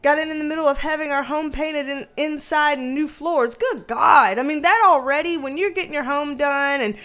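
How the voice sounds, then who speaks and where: A woman's voice: sits high, normal speed, a bit bright. Chatty woman greeting livestream viewers. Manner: chatty, greets viewers by name, laughs often. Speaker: livestream host and tarot reader.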